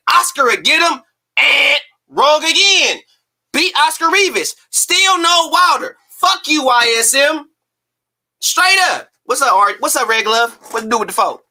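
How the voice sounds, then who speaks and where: Male stream host, bright edge, fired up, swearing, hammering rhetorical questions. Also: very high voice. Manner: emphatic, profane, rapid-fire rhetorical ranting. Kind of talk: heated boxing talk on a live stream.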